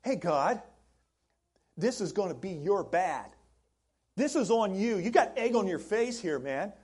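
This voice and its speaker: A man preaching a sermon, voicing a distraught man who complains loudly to God and stammers in exasperation. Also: high voice, very animated, measured pace, husky, voice pushed up, exaggerated voice. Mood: exasperated.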